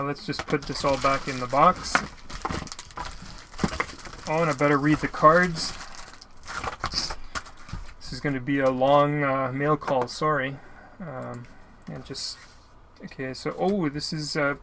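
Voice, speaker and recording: Guy rambling slowly thru a mail unboxing, keeps saying sorry, kinda high voice, faint hiss behind. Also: fairly even intonation, vocal fry. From Canada. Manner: rambling, apologetic, lots of filler. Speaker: YouTuber opening mail. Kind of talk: casual unboxing vlog.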